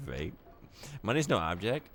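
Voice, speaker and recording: A man's voice: lowish voice, slight background noise. A young man streaming a game, joking and teasing his viewers in casual chat.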